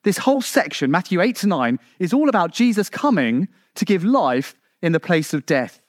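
An English preacher delivers his sermon in a bright, high voice that leaps and falls, climbing to emphatic peaks and sinking to quiet lows. He talks conversationally, full of asides and rhetorical questions. The sound is dry and close, with no room echo. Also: normal speed. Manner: animated, rising to emphatic peaks then dropping low.

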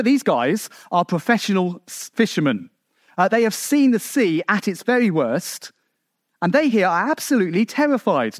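An English preacher delivers his sermon in a bright, high voice that leaps and falls, climbing to emphatic peaks and sinking to quiet lows. He talks conversationally, full of asides and rhetorical questions. The sound is dry and close, with no room echo. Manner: animated, rising to emphatic peaks then dropping low.

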